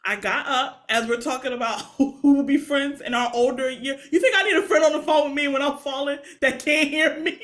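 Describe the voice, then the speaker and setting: This podcast co-host, a young woman, is an animated storyteller who laughs often during casual chat. Her pitch is high and her pace a little fast.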